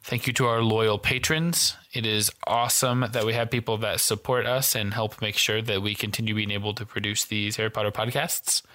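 A man's voice: on the low side, level tone, fairly quick, few pauses, bright, forceful tone. A man co-hosting a casual podcast, chatting upbeat and reading out the closing thanks and plugs. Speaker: podcast co-host.

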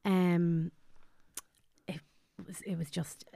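Gravelly-voiced woman recounting loss. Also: lowish voice, level tone, dry recording. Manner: halting, drops to a hushed near-whisper on painful memories. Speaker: podcast guest. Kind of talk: emotional personal storytelling.

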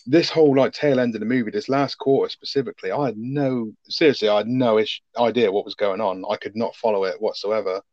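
A man's voice: on the low side, fairly even intonation, fast talker, hardly any pauses, darkish tone, no echo, lo-fi sound. A man co-hosting a podcast, rambling and swearing cheerfully as he recaps a film. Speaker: podcast co-host. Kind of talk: casual film review chat.

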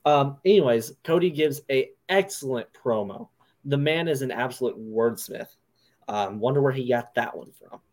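A male podcast host talking through a wrestling show, rambling, loose and full of "um" and "anyways." His voice sits at a middling pitch and the talk is casual and unscripted. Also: lively intonation, moderate pace, darkish tone. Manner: rambling, loose, lots of fillers. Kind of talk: casual wrestling review chat.

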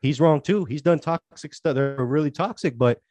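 A man's voice: fairly high pitch, moderate pace, a little mellow, no room sound. A man co-hosting a casual podcast chat, talking in long earnest rambles that trail off and restart. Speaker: podcast co-host.

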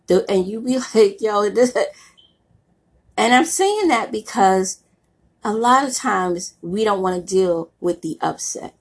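A middle-aged woman gives a motivational talk, her voice husky and worn by a cold. She talks bluntly and plainly, in a preaching tone full of casual slang. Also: medium pitch. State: voice roughened by a cold. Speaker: motivational speaker.

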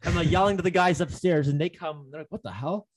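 A man's voice: a little high, fast. A young man in casual chat, telling a long story with lots of fillers and restarts. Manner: rambling, many fillers and restarts.

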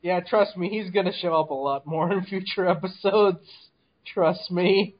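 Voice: medium pitch, steady tone, moderate pace, lo-fi sound. A podcast co-host in a casual movie review chat, talking bluntly and swearing a lot. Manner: blunt and heavily profane.

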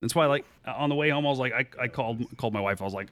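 A young man hosting a casual podcast, animated and rambling, with frequent restarts. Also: medium pitch, very fast, a little hiss or hum. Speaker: podcast host.

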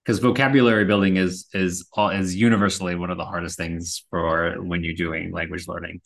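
A man with a low, gravelly voice full of vocal fry speaks as a podcast guest. He gives earnest, encouraging advice in a casual tone. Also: flat delivery, brisk. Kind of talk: casual chat.

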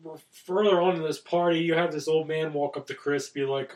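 A man walks through a film's story in an easy, chatty way. His voice sits slightly high. He sounds a bit distant, as if he is turned away from the microphone. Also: steady tone, fairly quick, a little mellow. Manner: recapping plot with fillers. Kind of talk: casual film chat.

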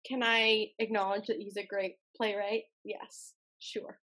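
A woman's voice: medium pitch, little pitch movement, normal speed, a bit bright. A woman co-hosting a podcast in casual chat, blunt and opinionated, laughing often. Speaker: podcast co-host.

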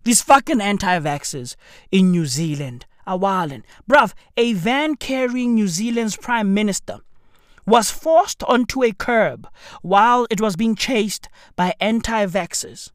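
Brief: woman comic ranter, swaggering slang, unhurried but punchy, dry booth sound. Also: mid-range voice, animated, no room sound. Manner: loud, swaggering, profane slang-heavy ranting. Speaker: comedic commentator. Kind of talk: comedic rant.

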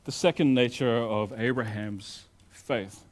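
Speaking slowly at a medium pitch, this man preaches like a pastor telling stories in conversation. He alternates between forceful, loud points and soft side remarks.

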